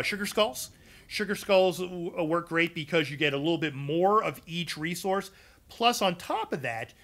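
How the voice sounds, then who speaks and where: Bright-voiced man chatting through a game build. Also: high voice. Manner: loose and chatty, full of ums and uhs. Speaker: gaming streamer explaining a character build. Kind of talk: casual walkthrough talking to live chat.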